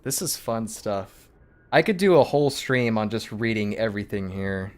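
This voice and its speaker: A man's voice: fairly low pitch, normal speed. Man casually reading game text aloud. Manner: casual, reads in his own voice with asides. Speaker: streamer.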